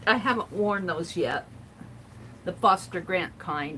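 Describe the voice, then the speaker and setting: A woman's voice: lowish voice, expressive, slow pace, pushed and bright, a little hiss or hum, rough recording. A middle-aged woman chatting casually and rambling as she shows her crafts and reads out viewer comments on a livestream. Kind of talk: casual chat while crafting.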